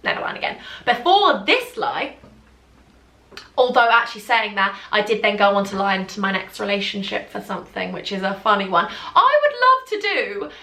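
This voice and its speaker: A woman's voice: medium pitch, big pitch swings, normal speed, pushed and bright. A young woman telling a funny story to camera in a chatty, giggly way, acting out what others said. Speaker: beauty vlogger. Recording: echoey room.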